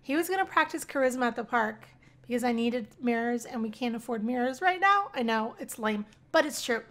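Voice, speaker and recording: A young woman hosting a life-sim game channel, giving excitable casual commentary with frequent squeals and laughter. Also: on the high side, a little fast. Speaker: gaming channel host. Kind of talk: casual let's-play commentary.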